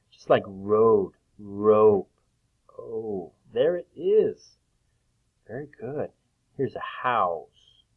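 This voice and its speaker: A man teaching a phonics lesson to young children, patiently drawing out each sound and clearing his throat now and then. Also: fairly low pitch. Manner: slow, patient, drawn-out sounds. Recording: tinny phone-like recording.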